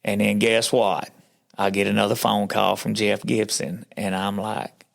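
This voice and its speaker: Man, very gravelly voice, podcast guest, folksy storytelling, acts out others' lines. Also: on the low side, steady tone, a little slow. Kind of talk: telling his faith story in casual chat.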